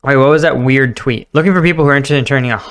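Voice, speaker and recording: A man hosting a reaction video, chatting casually and musing out loud, laughing often. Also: medium pitch, fast. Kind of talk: casual commentary.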